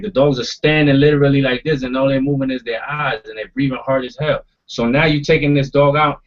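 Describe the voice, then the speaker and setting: A man hosting a podcast roundtable, talking in a blunt, emphatic way with plenty of swearing. His voice sits at an ordinary pitch for a man. The audio is dull and lo-fi. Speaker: podcast host. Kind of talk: casual roundtable talk.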